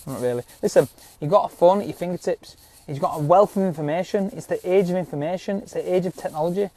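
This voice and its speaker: A man's voice: high voice, fast, dark tone. A man with speech ranting to viewers in a rambling, insistent way, swearing often and adding "yeah?" to his points. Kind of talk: casual rant to viewers.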